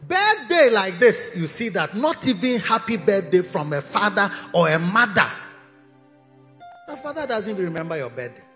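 A man's voice: high-pitched, sharp tone. A man preaching as bishop and pastor, teasing and scolding his congregation and laughing mid-sentence. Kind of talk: preaching a sermon. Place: cathedral sanctuary. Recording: echoey hall, dull lo-fi sound, faint music.

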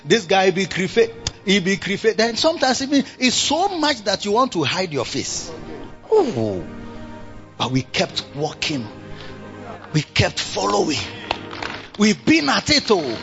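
Animated preacher in his fifties. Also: sits high, slow, pauses often. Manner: lively, sing-song preaching with calls and exclamations. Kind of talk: sermon. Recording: dull lo-fi recording with faint music.

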